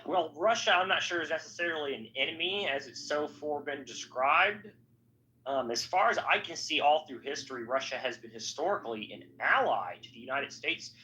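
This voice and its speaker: A man's voice: a little high, lively intonation, moderate pace, bright, forceful tone. A man talking politics in a rambling, profane, casual podcast chat. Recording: slightly dull audio with faint background noise.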